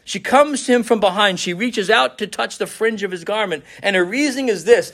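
A man preaching a sermon in an earnest, searching way, his voice sitting a little high for a man. He often restarts his phrases as he reasons aloud and quotes scripture. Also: lively intonation, moderate pace, few pauses, fairly bright tone. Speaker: pastor.

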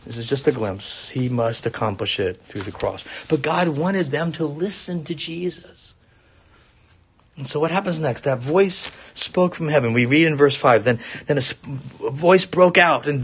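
A man's voice: on the high side, lively intonation, moderate pace, fairly bright tone, husky. A man preaching an earnest expository sermon from the pulpit as a pastor.

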